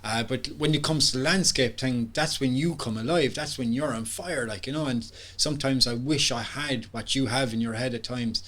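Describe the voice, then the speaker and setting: A man's voice: mid-range voice, moderate pace, hardly any pauses, fairly bright tone. A man with an Irish accent co-hosting a podcast, chatting casually and teasing himself and his friend. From Ireland. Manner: joking, self-mocking, chatty. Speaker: podcast co-host. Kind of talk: casual chat.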